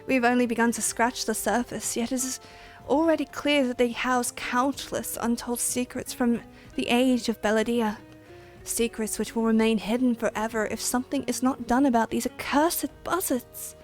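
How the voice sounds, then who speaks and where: A woman plays a grave, formal game scholar with a put-on accent, reading out a careful, drawn-out explanation. The voice sits a little high and quiet, with soft music behind it. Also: fairly even intonation, close to an everyday voice. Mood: solemn. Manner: formal, measured storytelling.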